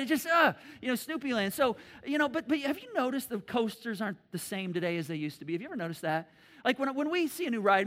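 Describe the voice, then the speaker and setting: A high-pitched middle-aged man preaches to his congregation in a church hall, his voice trailing off in a long reverb. He talks plainly, then bursts into loud, animated shouts and acted-out noises as he tells a story. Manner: animated, acts out stories with loud shouts and sound effects. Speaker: pastor. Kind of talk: sermon.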